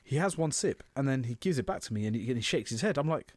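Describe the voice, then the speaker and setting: Male co-host, mid pitch, dry close mic, sweary storyteller with animated quotes. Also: fast talker, hardly any pauses, no echo. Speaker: podcast co-host. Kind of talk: casual chat.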